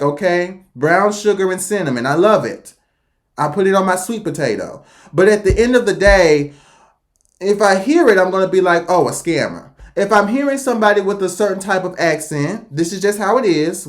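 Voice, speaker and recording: A woman from the United States giving blunt, opinionated reaction commentary, with an emphatic delivery and sudden jumps in pitch. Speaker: reaction video host.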